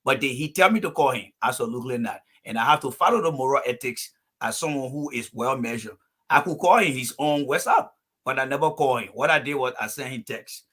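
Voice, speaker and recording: Bright-voiced emphatic man on a panel. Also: medium pitch, brisk. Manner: emphatic, lists points in phases. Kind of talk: heated call-in panel talk.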